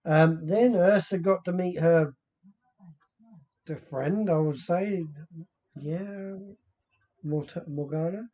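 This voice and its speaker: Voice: medium pitch, takes it slowly, pauses often, dark tone. A player wrapping up a tabletop game session in rambling casual talk. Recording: muffled lo-fi stream audio.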